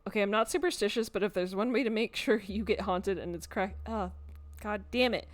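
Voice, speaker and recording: A woman voicing a jittery, easily spooked young woman who talks in shrill, panicky bursts in a game. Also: brisk, no echo, natural voice. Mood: nervous.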